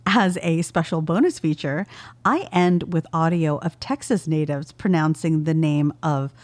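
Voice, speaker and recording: A woman's voice: deep voice, measured pace, darkish tone, dry recording. A woman co-hosting a podcast, reading a listener email aloud with amused laughs. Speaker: podcast co-host.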